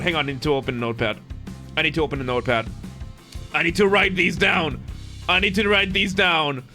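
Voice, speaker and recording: A man streaming a game live, reading the dialogue aloud and chatting excitedly with lots of scattered restarts. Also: on the high side, normal speed, long pauses, faint music behind.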